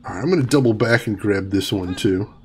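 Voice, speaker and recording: A man's voice: fairly low pitch, a little fast, a little mellow. A man casually commenting on his game while chatting with viewers and laughing often. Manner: chatty, reads chat aloud, laughs often. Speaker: gaming streamer. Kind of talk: casual let's-play commentary.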